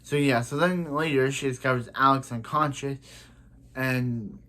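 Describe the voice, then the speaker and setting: A man's voice: mid-range voice, unhurried, bright, forceful tone. A man casually recapping a TV episode, rambling with many restarts and "he's like" retellings. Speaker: TV episode reviewer.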